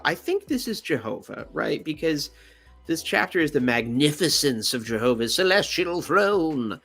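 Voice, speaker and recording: A man's voice: normal speed, vocal fry, soft background music. A young adult man hosting his channel, rambling and joking in casual commentary on pictures. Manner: rambling, joking, animated pitch swings. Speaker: channel host.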